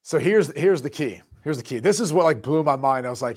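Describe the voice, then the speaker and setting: A man's voice: mid-range voice, fast, darkish tone, breathy edge. A man in his thirties co-hosting a sports talk show, telling a rambling story in casual chat and laughing mid-sentence. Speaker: co-host.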